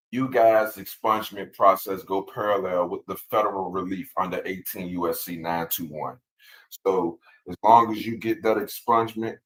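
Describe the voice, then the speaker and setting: A man's voice: lowish voice, rough recording. A man hosting a casual livestream, reading legal text aloud and answering viewers' chat in a laid-back way with lots of repeated words. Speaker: channel host answering live chat.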